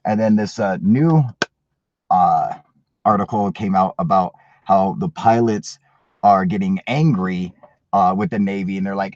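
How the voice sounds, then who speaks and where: A man's voice: deep voice, moderate pace, a little mellow, dry recording, dull audio. A man hosting a casual livestream, joking crudely and swearing a lot. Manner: crude, profane, jokey. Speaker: channel host. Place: at work.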